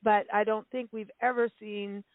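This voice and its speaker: A woman's voice: mid-range voice, little pitch movement, normal speed, no echo. A woman co-hosting a radio show, chatting casually with frequent laughs and rambling asides. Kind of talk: casual radio interview chat. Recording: tinny phone-line sound.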